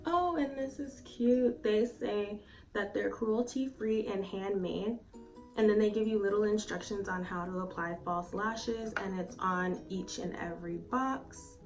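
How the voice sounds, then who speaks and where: At a measured pace, a woman with a mid-range, slightly mellow voice rambles through a relaxed at-home review as a beauty vlogger. Her speech is chatty and peppered with swearing, plus plenty of "like" and "um." Faint music plays under a somewhat distant mic.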